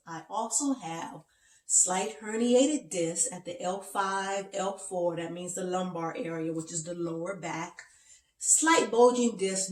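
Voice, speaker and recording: A woman's voice: medium pitch, roomy sound, far from the mic. Chatty woman talking from bed. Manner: chatty, explaining step by step. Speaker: vlogger. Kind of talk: casual talk to camera. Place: bedroom, lying in bed.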